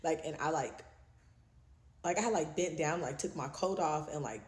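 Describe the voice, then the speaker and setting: Woman, low voice, casual storytime, swearing a lot, lively. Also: normal speed, roomy sound. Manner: profane, animated, slangy.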